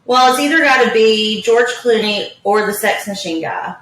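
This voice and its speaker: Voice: medium pitch, moderate pace, fairly bright tone. A podcast guest in a casual movie chat, putting in short, dry remarks. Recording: very echoey, distant mic, faint noise.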